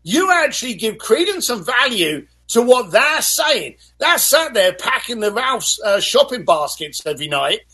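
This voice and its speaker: A man's voice: very high-pitched, unhurried, few pauses, slightly rough. A man speaking as a guest in an interview, telling motivational stories energetically and acting out other people's lines. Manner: animated storyteller, acts out voices. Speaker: guest author.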